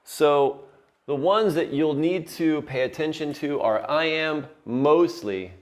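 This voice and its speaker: A man teaching a class on poetry terms, explaining slowly and patiently and often checking in with the students. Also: fairly high pitch. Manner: slow, patient, checks in with "right?". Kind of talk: classroom lecture.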